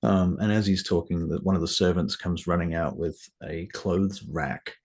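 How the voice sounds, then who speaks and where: A man's voice: low voice, steady tone, normal speed, darkish tone. A man running a tabletop role-playing game, narrating with wry laughing asides. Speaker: game master.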